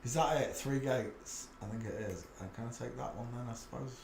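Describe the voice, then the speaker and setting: A man's voice: medium pitch, brisk, creaky, darkish tone, roomy sound, slight background noise. A man with a Yorkshire accent giving a muttered running commentary as he browses images for his channel. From England. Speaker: channel host.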